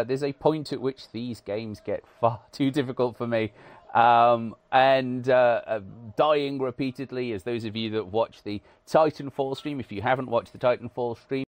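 A man's voice: mid-range voice, dry recording. Dry, wry British man narrating gameplay. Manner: dry, wry and self-deprecating, with frequent "uh" fillers. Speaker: gaming channel host. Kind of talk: casual gameplay commentary.

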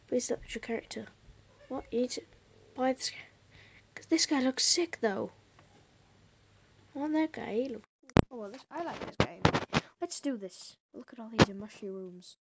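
A woman giving casual gameplay commentary, excitable and prone to loud exclamations, with quiet muttered asides. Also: fairly high pitch, heavy background noise. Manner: excitable, bursts into exclamations and laughs. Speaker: gamer.

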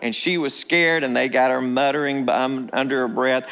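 A man's voice: medium pitch, fairly even intonation, moderate pace, gravelly, a bit bright. Man preaching a conversational sermon. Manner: conversational storytelling, rhetorical questions. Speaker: pastor.

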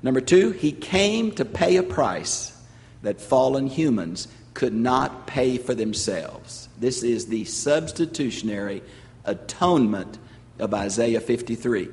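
An older man with a Southern US accent teaching a sermon to a congregation, explaining with emphasis and slowing on key phrases. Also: medium pitch, big pitch swings. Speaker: pastor and Bible teacher. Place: large church sanctuary. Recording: long hall reverb.

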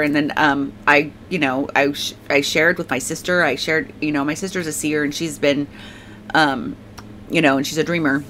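A woman's voice: low-pitched, bright, forceful tone, slight background noise. A middle-aged woman giving a personal faith testimony, talking emotionally with many restarts and fillers. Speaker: testimony speaker.

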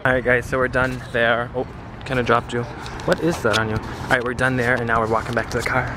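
A man's voice: mid-range voice, level tone, fast talker. Young male vlogger, jokey and chatty, recorded outside with street noise. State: a bit out of breath at times. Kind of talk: casual vlog chat. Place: outdoors on a hike and on city streets. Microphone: handheld camera. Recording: outdoor street noise and traffic.

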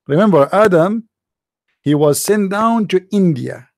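Guy with an arabic accent ranting, sarcastic and disbelieving, high voice, dry close sound. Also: expressive, unhurried, gravelly, no echo. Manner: sarcastic, incredulous, mimics sneezes. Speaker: online religious commentator. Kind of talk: mocking monologue reading from a screen.

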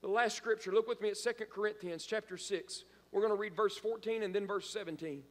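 A man's voice: sits high, fairly quick. Male pastor mid-sermon, emphatic and repetitive; long church reverb behind him. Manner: emphatic preaching, repeats phrases for emphasis. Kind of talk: live-streamed sermon. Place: church sanctuary.

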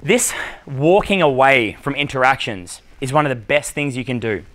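A man's voice: medium pitch, expressive, normal speed, fairly bright tone. A man with an Australian accent coaching a live seminar audience on dating, talking bluntly and swearing freely. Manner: blunt, profane, punchy delivery. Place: conference room with live audience.

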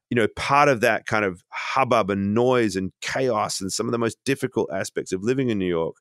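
Guy on a podcast from home, lowish voice, reflective, keeps restarting his sentences, dry sound. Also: no room sound. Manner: reflective, halting, many restarts. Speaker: podcast guest. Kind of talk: casual conversation.

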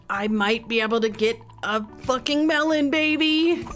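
A young woman hosting a casual game stream, giggly and excitable. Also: a little high, a little slow, over music. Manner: giggly and excitable, gasping at small wins. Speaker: streamer and host.

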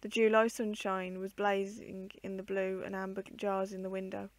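A woman reading an old children's book aloud in a measured, expressive way. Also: mid-range voice, no echo. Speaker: storyteller.

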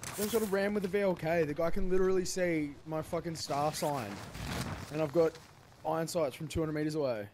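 A man's voice: fairly high pitch, fairly quick. A man streaming a shooter game, swearing and complaining in disbelief in casual gaming chat. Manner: animated, swearing, incredulous complaints. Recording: loud background noise.

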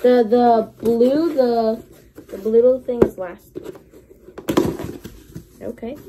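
A young woman vlogging an unboxing, gushing and gasping with excitement as she opens gifts. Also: a little high, drawn-out words, long pauses, noisy background.

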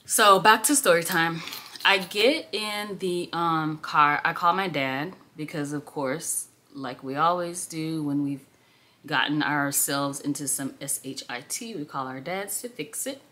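A woman's voice: low-pitched, unhurried, pushed and bright. A young woman in her twenties telling a rambling storytime in a chatty way, full of "like", while doing her makeup. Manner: chatty, rambling, heavy use of "like". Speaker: beauty vlogger. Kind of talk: casual get-ready-with-me storytime.

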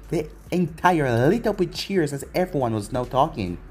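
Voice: mid-range voice, expressive, moderate pace, few pauses, darkish tone, slightly rough. Narrator reading fan fiction over music. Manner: run-on, tumbling sentences. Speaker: YouTube story narrator.

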